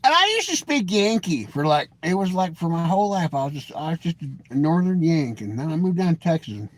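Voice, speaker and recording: Folksy grumpy man with a lively voice. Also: fairly quick, dry recording. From Washington state. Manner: folksy, self-described grumpy, joking; lively pitch swings, mimics voices in anecdotes. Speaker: live stream host. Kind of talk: casual rambling live stream chat.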